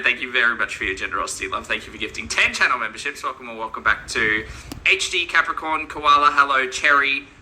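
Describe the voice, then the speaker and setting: A man's voice: mid-range voice, bright, forceful tone, slight background noise, poor audio. An Australian man hosting a live reaction stream, chummy and teasing, reading out chat messages and laughing often. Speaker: livestream host.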